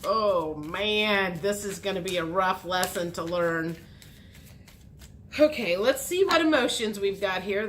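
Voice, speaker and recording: Slow, bright-voiced woman tarot reader. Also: slight background noise. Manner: muses aloud as she reads the cards; lively, acts out dialogue with big pitch jumps. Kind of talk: tarot card reading, thinking aloud.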